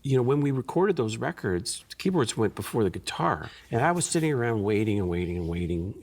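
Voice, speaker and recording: Guitarist guy being interviewed, mid pitch, chill and thoughtful, restarts his words a lot. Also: very animated, brisk, a little mellow. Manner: thoughtful, repeats and restarts words, laughs easily. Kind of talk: relaxed conversational interview.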